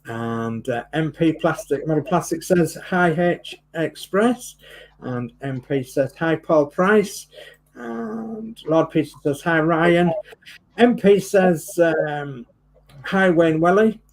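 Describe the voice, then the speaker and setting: A man's voice: fairly high pitch, slow, a little hiss or hum, poor audio. A man co-hosting a live stream, reading out viewers' greetings in a friendly way. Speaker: livestream co-host.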